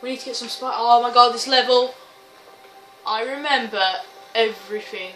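A woman giving excitable let's-play commentary, swearing, shrieking and laughing often. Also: on the high side, normal speed. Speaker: gaming video host. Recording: roomy, distant mic with game music. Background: game music and sounds.

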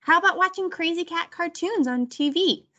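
A woman's voice: extremely high pitch, normal speed, bright, forceful tone, lo-fi sound, pitched above the performer's own voice. A woman voicing a sensible older sister who coaxes and organizes the other children in a storybook read-aloud. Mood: coaxing. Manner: coaxing, organizing.

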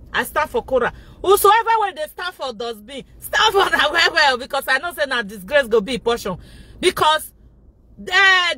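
A Nigerian woman vlogging loudly from inside a car, shouting and laughing as she rants in a casual pidgin-mixed style. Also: sits high, no echo. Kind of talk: loud casual vlog rant.

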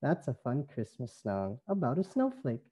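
A man from Canada with a Canadian accent, an English teacher reading a phonics lesson slowly in a sing-song way. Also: medium pitch, huge pitch swings, warm tone, slightly rough. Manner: slow, sing-song, stretched words.

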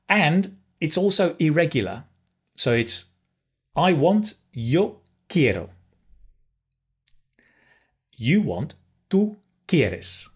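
Slow, husky man teaching a lesson. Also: medium pitch. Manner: slow, careful, encouraging, pauses for repetition; switches between English and Spanish phrases. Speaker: Spanish teacher. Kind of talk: language lesson.

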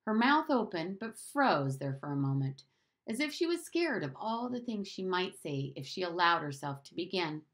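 A woman reading a novel aloud as an expressive narrator. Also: on the low side, normal speed. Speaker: audiobook reader. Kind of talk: storybook narration.

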